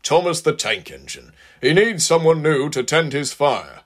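The narrator voicing a solemn railway official who speaks slowly and gravely. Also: mid-range voice, sing-song.

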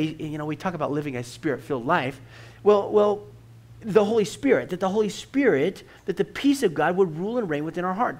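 A middle-aged pastor preaches earnestly in a church, frequently repeating words at the start of his sentences. His voice is on the high side.

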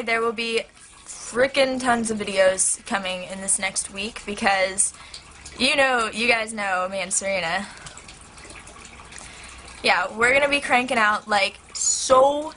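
A teenage girl chatting excitedly to her camera, rambling and full of "like". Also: medium pitch, poor audio. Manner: excitable, rambling, heavy use of "like". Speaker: vlogger. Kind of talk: casual chat to camera. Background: turtle tank filter hum.

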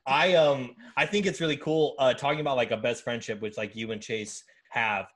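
A man's voice: medium pitch, steady tone, normal speed. A man hosting a podcast, chatting casually and telling stories in an easygoing, friendly way. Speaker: podcast host. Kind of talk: casual chat.

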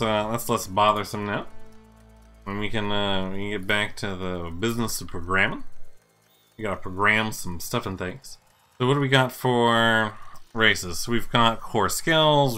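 A man live-streaming his game programming, thinking out loud in casual chat, repeating himself and talking to his viewers. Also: lowish voice.

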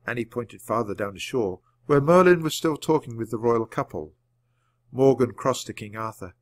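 A man reading a children's book aloud at a clear, measured pace. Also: mid-range voice, no echo. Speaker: storybook reader.

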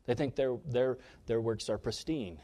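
Male pastor, mid-range voice, sermon delivery with strong emphatic rises and quiet drops. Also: normal speed. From Kansas. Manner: preaching with big swings in pitch and loudness, rising sharply on key points.

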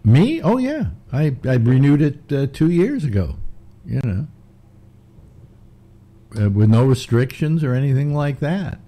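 A man's voice: medium pitch, expressive, a little slow, long pauses, dark tone. An older man hosting a casual chat, rambling through stories with many restarts. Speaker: host.

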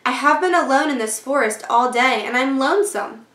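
A friendly, lonely frontier soldier speaks kindly to two children, as a woman reading a storybook puts him on. The voice sits fairly high and the room is echoey. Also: normal speed, fairly bright tone.

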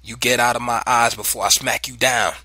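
A man's voice: mid-range voice, animated, fairly quick, slightly rough, dry recording, exaggerated voice. A man voicing a stern, angry father who bellows at his son, in a dry recording. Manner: loud, bellowing.

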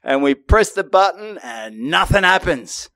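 A man's voice: high-pitched, a little slow, no room sound, clean studio sound. A man with an Australian accent, a comedian co-hosting a podcast and telling a gig story in casual chat, acting out what people said. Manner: animated, acts out quotes. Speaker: comedian co-host.

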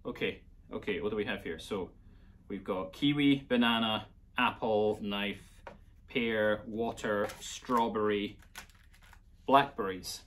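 A man's voice: on the low side, takes it slowly, a bit bright, a little hiss or hum. A man with a Scottish accent teaching a playful children's music lesson, coaxing young listeners along.

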